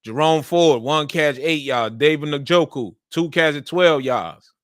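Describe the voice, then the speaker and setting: A man's voice: fairly high pitch, slow, no echo, clean studio sound. A man hosting a sports show, talking casually and emphatically about football and repeating his points. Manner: repetitive, emphatic, colloquial.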